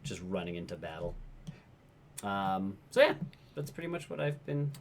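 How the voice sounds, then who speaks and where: Rambling low-voiced podcast guy. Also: very animated, normal speed, gravelly, a little hiss or hum. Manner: rambling retelling full of "like" and filler. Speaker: podcast co-host. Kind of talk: casual chat.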